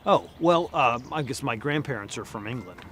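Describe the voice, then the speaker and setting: A man's voice: mid-range voice, lively intonation, moderate pace, heavy background noise, close to an everyday voice. A man acting an awkward, stammering role in a comedy sketch.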